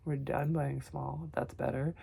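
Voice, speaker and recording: A young woman talking tenderly to herself on camera in a vlog, soft and often whispery, teary, her voice going hoarse. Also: extremely low pitch, level tone, measured pace, slight background noise. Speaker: vlogger. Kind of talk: emotional self-talk to camera.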